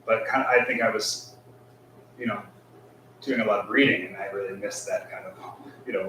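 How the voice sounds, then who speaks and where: A man who teaches school, talking casually at a temple service, halting with many fillers and soft laughs. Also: deep voice, a little hiss or hum. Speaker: guest speaker, schoolteacher. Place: temple hall. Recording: echoey hall, mic from far off.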